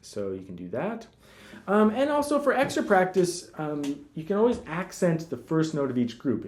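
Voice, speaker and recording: A man giving a casual spoken guitar lesson, talking in a relaxed way between demonstrations, with guitar playing heard behind him. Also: a little high, normal speed. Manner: relaxed, talks while demonstrating, counts fingerings aloud. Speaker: guitar teacher. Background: guitar music.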